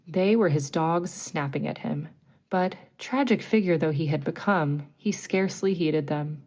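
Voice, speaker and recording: Low-voiced woman reading a bedtime story. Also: a little slow. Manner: gentle, clear. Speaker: narrator.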